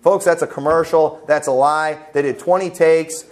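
High-voiced emphatic male preacher. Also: steady tone, moderate pace. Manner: emphatic, rhetorical questions, plain folksy preaching. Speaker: pastor. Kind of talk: sermon. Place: church sanctuary.

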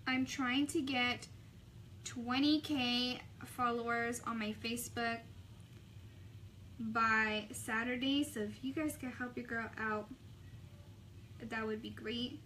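A woman's voice: fairly high pitch, slow pace, long pauses, a little hiss or hum. Sassy chatty young woman vlogger. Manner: chatty, sassy, animated retelling. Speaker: makeup vlogger. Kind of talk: casual makeup tutorial chat.

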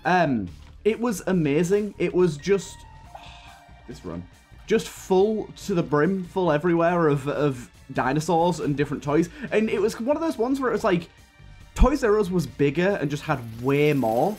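Speaking at a moderate pace in a slightly high, animated, somewhat mellow voice, a young gaming channel host recounts a rambling childhood tale. He keeps grumbling and venting at his run, with faint game music behind him.

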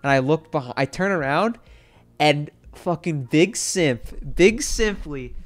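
A young man telling a story to his stream chat, excitable and rambling, with lots of fillers and swearing. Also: on the high side, takes it slowly.

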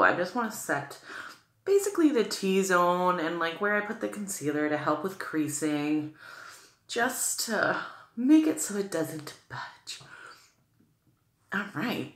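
A beauty vlogger from New England talks through a makeup tutorial, her voice on the low side with a fairly bright tone in an echoey room. She gushes about products and peppers her chat with "like" and "okay."

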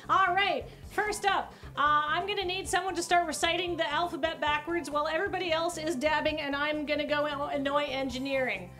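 A woman running a live charity stream, briskly calling out one challenge after another. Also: high voice, fairly even intonation, bright, forceful tone. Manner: brisk, calls out instructions, playful. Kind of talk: fast live stream hosting.

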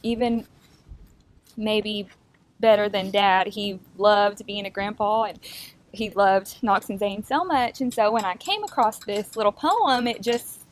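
A woman's voice: mid-range voice, a little slow. A woman paying tribute to her father in a church, reading a poem earnestly while holding back tears. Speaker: daughter giving a tribute.

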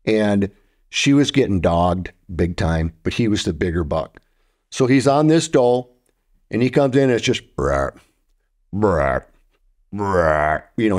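A man telling a hunting story on a podcast, his low voice swinging widely in pitch as he goes. He mimics deer grunts and roars along the way. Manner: animated storyteller imitating deer sounds. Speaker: podcast co-host.

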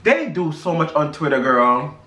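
A man's voice: a little high, sing-song, normal speed, pushed and bright. Sassy man chatting, echoey room. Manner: sassy, peppers talk with "girl" and "honey". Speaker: vlog co-host. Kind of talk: casual chat while eating. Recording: roomy echo.

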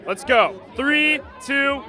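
A man with a very high voice hosts a sideline sports segment at a high school football game, full of energy and shouting to fire up the fans. A loud crowd cheers and music plays behind him outdoors. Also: slow. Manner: energetic hype, shouts catchphrases, eggs on the crowd. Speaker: sports show host.

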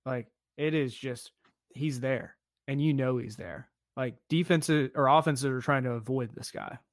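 A man's voice: mid-range voice, unhurried, dry recording, studio quality. A man co-hosting a casual sports podcast, talking in a loose, easygoing way full of "like" and "kinda.". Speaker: podcast co-host.

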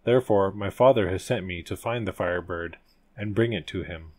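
A man's voice: deep voice, fairly quick, darkish tone. A man voicing an earnest young prince who explains himself in archaic storybook phrases.

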